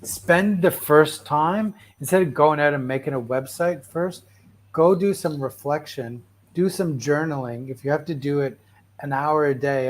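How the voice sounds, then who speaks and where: A man hosting a casual motivational talk, rambling through stories with constant "right?" and "like" and frequent restarts. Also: medium pitch. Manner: restless, animated storyteller with frequent restarts.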